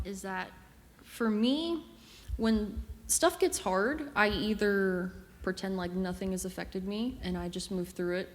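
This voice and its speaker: A young woman sharing an emotional personal testimony as a camp missionary, halting and long-winded with many fillers. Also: mid-range voice. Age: young adult. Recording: reverberant room with faint noise.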